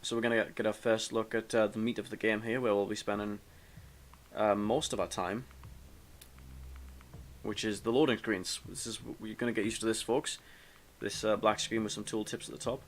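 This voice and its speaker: A man's voice: lowish voice, flat delivery, moderate pace. A man casually commenting while playing a video game, reading its story text aloud in a rambling, self-mocking way with many restarts. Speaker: let's play commentator.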